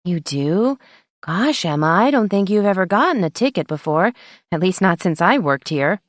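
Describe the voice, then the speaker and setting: A woman's voice: lowish voice, very animated, normal speed, no room sound, studio quality, pitched above the performer's own voice. A woman voicing a young female receptionist, eager and solicitous, in an audiobook. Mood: surprised.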